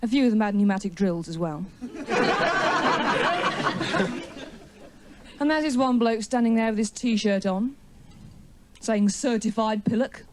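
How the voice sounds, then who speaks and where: Wry, lively-voiced woman doing stand-up. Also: on the high side, takes it slowly, pauses often, noisy background. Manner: chatty, wry self-mocking storytelling; teasing crowd work. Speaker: stand-up comedian. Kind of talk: stand-up routine. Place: TV studio before a live audience.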